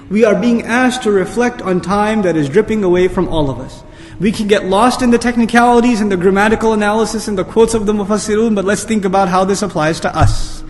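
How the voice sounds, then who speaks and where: In a big-room sound, an Islamic speaker whose voice sits high preaches earnestly. He challenges listeners with sharp rhetorical questions, driving his points home and climbing to emphatic highs.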